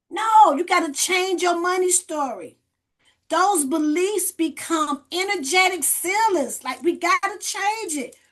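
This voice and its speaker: A woman with a very high voice leads a group session over a video call, exhorting people and repeating her key phrases. Her tone is bright and forceful. She keeps coaxing participants to speak up. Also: a little slow. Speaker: host leading a group session. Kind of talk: motivational coaching on a group call.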